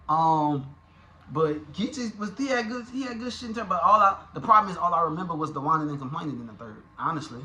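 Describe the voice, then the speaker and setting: A man giving a casual, profane, animated review of a rap battle, talking in slang and restarting his sentences often. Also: a little high, fast talker. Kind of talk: casual commentary.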